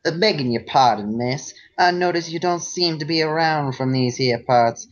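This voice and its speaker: A man's voice: on the high side, normal speed, pitched above the performer's own voice, natural voice. A man voicing a drifting male pony adventurer in a folksy Southern drawl, flirtatious and mannerly. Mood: folksy charm. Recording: dull lo-fi sound.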